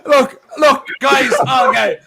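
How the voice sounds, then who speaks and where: Exasperated laughing man, high and gravelly. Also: steady tone, takes it slowly, a loud crowd, rough recording. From Ireland. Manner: laughing, exasperated, self-mocking. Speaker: fan show panelist. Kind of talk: casual banter.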